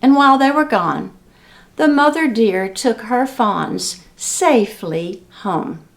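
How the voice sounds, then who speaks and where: A woman librarian reading a story aloud to children and teaching a sing-along song, gentle and expressive. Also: on the high side, takes it slowly.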